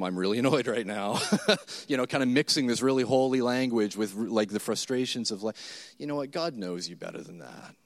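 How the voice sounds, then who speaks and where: A man's voice: medium pitch, animated, a little fast. Conversational man preaching a sermon. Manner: conversational, repeats words, acts out his own inner voice. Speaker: pastor. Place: church service before a congregation.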